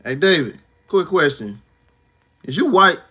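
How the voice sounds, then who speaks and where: A man's voice: on the high side, very animated, a little slow, sharp tone, husky. A man speaking hosts a casual livestream. His talk is loose and slangy, full of fillers, and he pushes a viewer with teasing, confrontational questions. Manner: loose slangy talk, frequent "you know what I'm saying". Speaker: livestream host.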